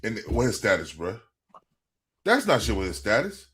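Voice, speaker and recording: Husky-voiced argumentative man. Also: mid-range voice, wildly swooping pitch, normal speed, pauses often. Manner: argumentative, interrupts to push back. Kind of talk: casual podcast chat.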